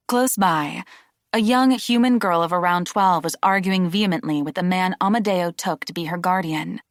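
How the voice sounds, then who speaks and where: A woman reading a novel aloud as an audiobook narrator, steady and measured. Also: on the low side, dry recording, studio quality. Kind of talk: scripted narration.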